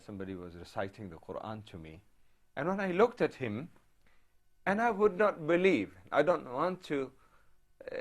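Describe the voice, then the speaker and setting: A man giving an earnest, devout talk as a Quran recitation teacher, halting with restarts and swelling into emotional emphasis. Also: medium pitch. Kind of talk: devotional talk.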